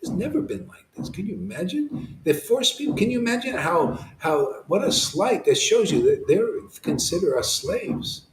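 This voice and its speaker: A fairly high-pitched man talks through a devotional satsang in a loose, impassioned way. He keeps restarting his sentences and adding asides. His voice rings in an echoey room over a faint background hiss. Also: big pitch swings, moderate pace. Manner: rambling and impassioned, with many restarts and fillers. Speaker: devotional speaker. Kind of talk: informal devotional satsang talk.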